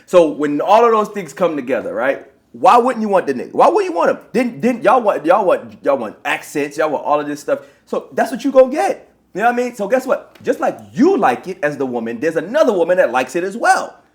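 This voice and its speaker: A man with an American accent co-hosting a podcast, animated and boastful in casual chat, swearing freely. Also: a little high, brisk. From United States. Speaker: podcast co-host.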